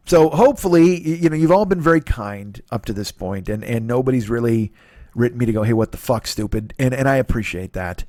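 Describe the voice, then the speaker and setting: A man in his forties hosting a solo comedy podcast, talking in a profane, rambling, self-deprecating monologue and acting out quoted voices with sudden pitch jumps. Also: darkish tone, no room sound, clean studio sound. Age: 40s. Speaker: podcast host.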